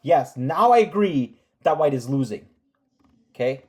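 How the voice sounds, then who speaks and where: A chess commentator recapping a game, calling out moves in quick lists and scolding the players with sarcastic rhetorical questions. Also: mid-range voice, expressive. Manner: calls out moves in rapid lists.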